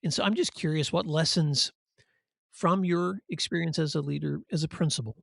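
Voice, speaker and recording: Middle-aged male host; thoughtful, encouraging, slightly high, husky voice. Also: moderate pace, a bit bright, no room sound, clean studio sound. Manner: thoughtful, encouraging, builds points in lists. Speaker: podcast host. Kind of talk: interview questions and reflection.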